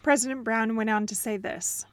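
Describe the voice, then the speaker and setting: A woman's voice: on the high side, normal speed, no room sound. A woman hosting a faith-based podcast as a counselor, telling a story earnestly and asking listeners reflective questions.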